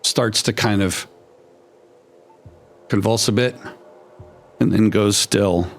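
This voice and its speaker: Halting low-voiced male game master. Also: creaky, faint music behind. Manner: halting, filler-heavy, vividly descriptive. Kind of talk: narrating a horror tabletop game.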